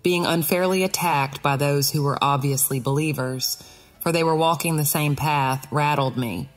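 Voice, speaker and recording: Low-voiced woman reading an audiobook. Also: normal speed, soft background music. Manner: earnest, expressive first-person reading. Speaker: audiobook narrator. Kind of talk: scripted narration of a Christian allegory.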